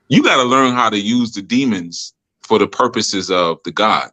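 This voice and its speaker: Guy hosting a podcast, bright sharp voice, slangy laid-back storytelling, laughs a lot. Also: lowish voice, animated, normal speed. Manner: laughs often, loose slangy delivery. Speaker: podcast host and spiritual teacher. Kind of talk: casual storytelling chat.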